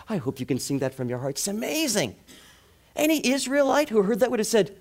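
A male preacher delivering a sermon in an animated way, asking the congregation rhetorical questions. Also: sits high, brisk.

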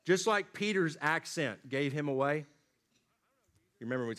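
A man preaching a sermon, swinging from loud emphatic lines to low, quiet drops. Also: lively intonation, moderate pace. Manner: dynamic preaching, rising emphatic then dropping low and quiet. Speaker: pastor.

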